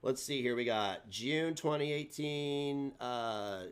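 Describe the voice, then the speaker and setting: A man's voice: medium pitch, slow pace, clear, resonant tone. Sarcastic man ranting on a live stream. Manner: sarcastic, taunting. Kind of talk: mocking live stream rant.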